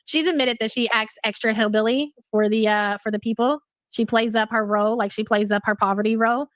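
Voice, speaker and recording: A woman's voice: fairly high pitch, steady tone, a little fast, no echo, clean studio sound. A woman co-hosting a live stream in casual, gossipy, profane chat.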